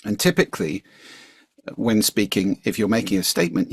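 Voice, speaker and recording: A man being interviewed as a communication coach, explaining his points in an articulate, measured way. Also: fairly low pitch, big pitch swings, gravelly, slightly rough, no room sound, studio quality. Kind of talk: interview conversation.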